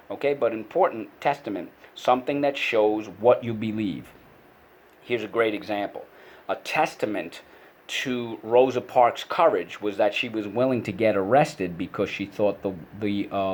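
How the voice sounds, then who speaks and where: A man's voice: fairly low pitch, normal speed, a little mellow. A man teaching a vocabulary lesson to kids, explaining word meanings and leading call-and-response drills. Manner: explains with many fillers and restarts.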